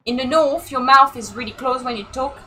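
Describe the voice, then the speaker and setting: A French-accented woman, a native French speaker, chats over her gameplay in a lively, animated way with quick asides. Her voice sits somewhat high and bright. A faint hum of room noise runs underneath. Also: rough recording. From south of France. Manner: chatty, animated, laughing asides. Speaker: streamer. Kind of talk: casual gameplay commentary.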